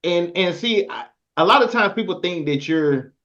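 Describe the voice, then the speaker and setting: A man's voice: high voice, lively intonation, moderate pace, a bit bright. A man hosting a podcast, talking in a laid-back, agreeable and slangy way. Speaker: podcast host. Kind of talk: casual interview talk. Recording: dull lo-fi sound.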